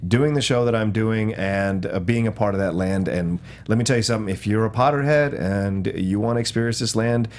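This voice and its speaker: A man's voice: lowish voice, a little fast, few pauses, a little hiss or hum. A man appearing as a guest on a chat show, talking with upbeat enthusiasm. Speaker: guest, theme park performer. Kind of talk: casual chat.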